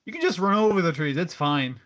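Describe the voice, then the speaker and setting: A man co-hosting a casual podcast with quick, jokey asides and some swearing. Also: fairly high pitch, sing-song, a bit bright. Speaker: podcast co-host. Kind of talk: casual chat. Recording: dull lo-fi sound.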